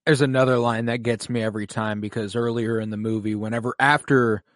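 Profane animated man on a dry podcast mic. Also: medium pitch, fairly quick, no room sound. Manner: profane, animated, quotes film lines in put-on voices. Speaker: podcast co-host. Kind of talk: casual film discussion.

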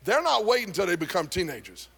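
A male pastor delivering a sermon to a congregation, moving from folksy storytelling to fervent shouted preaching. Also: sits high, fast talker, gravelly, husky. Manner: animated preaching that builds to shouting. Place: church service before a congregation.

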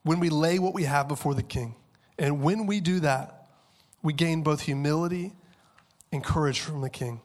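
A man in his thirties preaching a sermon with passion, dropping to hushed tones and then rising to loud, urgent peaks. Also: fairly high pitch, normal speed. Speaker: pastor.

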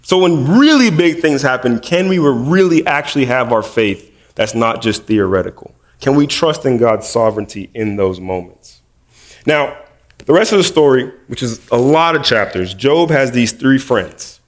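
A man preaching in a relaxed, conversational way, mid-pitched for a man. He jokes about himself and tells his stories in an animated way, talking to the congregation like friends. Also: normal speed. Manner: humorous, self-deprecating, animated storytelling. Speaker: preacher, middle school teacher. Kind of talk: casual conversational sermon.

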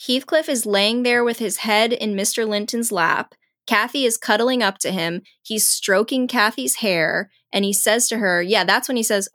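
A woman's voice: mid-range voice, normal speed, fairly bright tone, dry recording, clean studio sound. A woman casually recapping a novel chapter by chapter, chatty and full of "like", lightly voicing the characters' lines. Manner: chatty retelling, voices quotes lightly, frequent "like". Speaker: podcast co-host recapping a novel. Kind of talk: casual chat.

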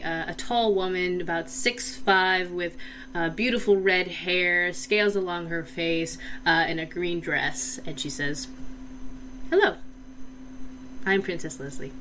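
Woman dungeon master, bright voice, slow and chatty, laughs a lot, tabletop game. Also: lowish voice, slight background noise. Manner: chatty, laughs often, many fillers.

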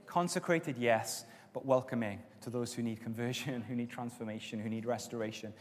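A man preaching a sermon as pastor, with stretches of loud, emphatic exhortation and softer prayer. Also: medium pitch, a little fast. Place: church auditorium. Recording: long reverb of a church hall.

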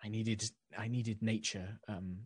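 A man's voice: medium pitch, normal speed, dry recording, lightly acted. A man voicing a flustered young noblewoman who stammers apologies. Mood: apologetic.

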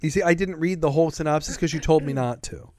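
A man co-hosting a podcast, talking casually in an animated, rambling way with some swearing. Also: a little high, fast talker, no room sound. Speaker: podcast co-host. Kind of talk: casual chat about a TV show.

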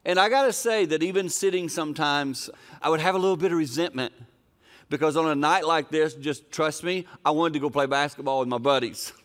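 Older guy preaching, smooth clear voice, chatty and earnest like telling a family story. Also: on the high side, fairly quick, a bit bright. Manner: conversational, earnest, folksy storytelling. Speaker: pastor. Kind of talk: sermon with personal story.

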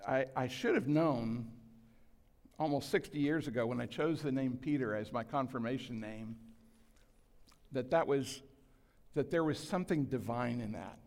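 A man's voice: mid-range voice, normal speed, long pauses, a little mellow. A man in his sixties preaching a sermon to a large congregation, earnest and self-deprecating, acting out the quotes he reads. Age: 60s. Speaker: pastor. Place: church hall with a large congregation. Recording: long hall reverb.

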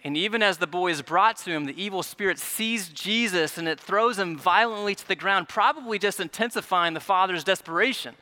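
Male pastor, higher voice with a bright edge, earnest sermon delivery that dips soft and swells. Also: a little fast, few pauses. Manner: earnest, stumbling repetitions, drops soft then rises.

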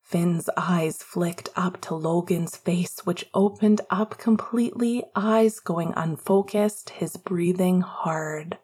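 A woman narrating a romance audiobook in a hushed, often half-whispered delivery. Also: on the low side, slow pace, hardly any pauses, slightly rough.

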